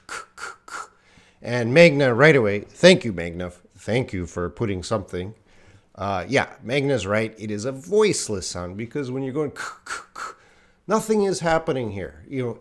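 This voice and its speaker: A man teaching English pronunciation in a live online class, drilling consonant sounds, asking viewers to repeat after him and reading names from the chat. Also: mid-range voice.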